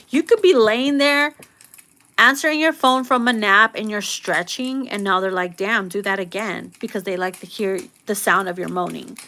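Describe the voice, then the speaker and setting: A woman tarot reader talks straight to her viewers in a loose, casual reading. She swears freely, laughs often and slips into slangy acted-out voices. Her voice sits a little higher than most women's. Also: pushed and bright. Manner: blunt, profane and laughing often; slangy, acts out quoted lines in playful voices.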